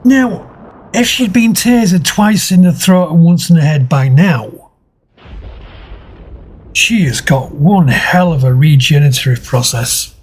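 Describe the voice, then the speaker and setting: A man's voice: fairly high pitch, animated, slightly rough. A man doing mocking, sarcastic commentary over video clips. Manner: mocking, sarcastic, drawn-out delivery. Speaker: commentary channel host.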